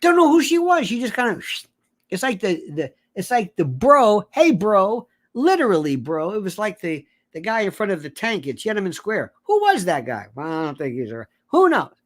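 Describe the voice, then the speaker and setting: A man giving an animated commentary monologue. He rambles, corrects himself and acts out the voices of the people he describes. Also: sits high, moderate pace. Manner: digressive, theatrical, mimics voices, self-correcting.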